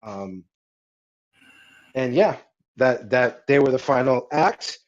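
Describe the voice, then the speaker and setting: A man's voice: mid-range voice, expressive, slow, dull audio. A man narrating a tabletop game as game master, loose and rambling with lots of fillers.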